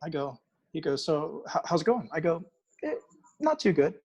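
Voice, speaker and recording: Middle-aged guy, excited storyteller, does all the voices, slightly high. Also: moderate pace, husky, highs cut off. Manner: animated, acts out both sides of a story. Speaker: guest barbecue cook. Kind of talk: casual storytelling.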